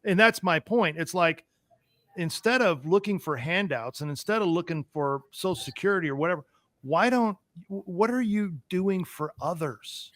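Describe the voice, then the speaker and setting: A man's voice: sits high, lively intonation, normal speed, a bit bright, dry recording. A man hosting a talk show, ranting emphatically about politics and repeating his points as he gets worked up.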